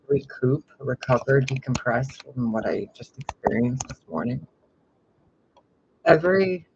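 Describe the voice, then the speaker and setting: A man telling a long dream story to his viewers in a rambling, animated way with lots of fillers. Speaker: spiritual vlogger. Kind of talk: casual storytelling to camera. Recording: slightly dull lo-fi with faint rumble.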